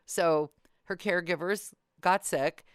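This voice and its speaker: Wry low-voiced woman podcast host. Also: slow pace, clear, resonant tone, no room sound, clean studio sound. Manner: wry, storytelling with acted-out quotes. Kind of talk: casual chat.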